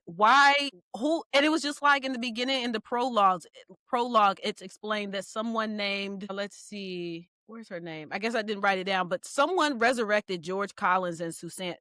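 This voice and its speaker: A woman co-hosting a podcast, chatting casually in an animated, exasperated and rambling way. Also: mid-range voice, no room sound, clean studio sound. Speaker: podcast co-host. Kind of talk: casual book review chat.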